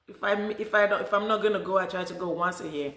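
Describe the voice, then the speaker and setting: A woman's voice: fairly low pitch, quick pace, fairly bright tone. A woman from Nigeria chatting casually to her viewers in a vlog, addressing them directly. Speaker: vlogger. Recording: echoey room.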